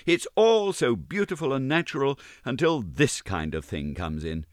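A man's voice: medium pitch, sing-song, moderate pace, no room sound, studio quality, voice pushed up, lightly acted. A male audiobook reader voicing a proud, poised young woman who speaks in a cool, reproving, lightly playful way. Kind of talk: audiobook character reading.

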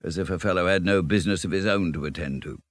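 A man reading a storybook, voicing a cheerful, self-assured male water rat who talks briskly and chattily. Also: deep voice, no room sound. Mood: knowing. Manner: brisk, chatty, lightly laughing.

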